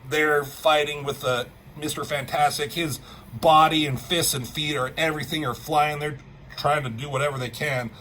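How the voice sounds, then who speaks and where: A man casually recapping a comic book, loose and excitable, acting out the characters' lines in quick bursts and swearing freely. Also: fairly high pitch, a little hiss or hum.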